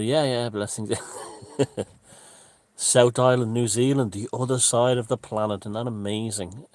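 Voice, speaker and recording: A man hosting a casual live stream from a room at home, greeting viewers and chatting in a relaxed way. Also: fairly low pitch, no room sound. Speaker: livestream host. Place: room at home with the window open.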